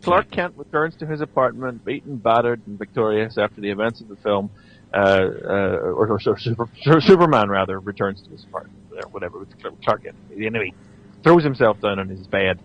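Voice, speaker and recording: A man hosting a podcast, chatting casually and telling a scene with lively restarts. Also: lowish voice, fairly quick, dull audio. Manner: animated storyteller, stammers and restarts. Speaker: podcast host. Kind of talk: casual chat.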